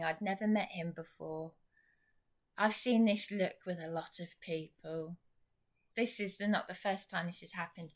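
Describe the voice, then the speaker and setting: Speaking directly to the camera, a female vlogger vents in a rambling, indignant monologue, sarcastic the whole way through. Her voice sits lowish, and she draws her words out at an unhurried pace.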